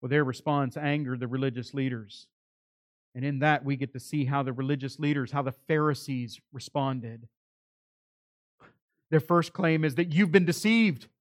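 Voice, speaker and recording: A man preaching a sermon, acting out the voices of the people he quotes, with his loudness rising and falling for emphasis. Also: mid-range voice, normal speed, no echo, clean studio sound. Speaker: pastor.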